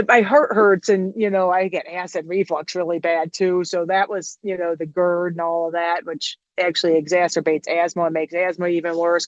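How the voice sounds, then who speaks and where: A woman's voice: fairly low pitch, dry recording. Rambling woman on a dull, dry recording. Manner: rambling, animated, acts out quoted dialogue. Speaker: guest. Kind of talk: casual interview storytelling.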